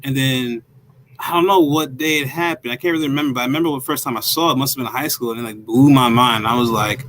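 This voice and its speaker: Guest, male, New York accent, upbeat and chatty, bright tone, faint noise behind. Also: medium pitch, fast talker, rough recording. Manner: animated, laughs often, heavy "like" fillers. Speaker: guest, violinist and music producer. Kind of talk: casual interview chat.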